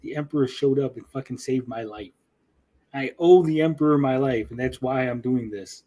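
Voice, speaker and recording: A man's voice: mid-range voice, moderate pace, mellow, low-quality recording. A man co-hosting a casual review chat, blunt and profane, often mimicking characters. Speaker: podcast co-host.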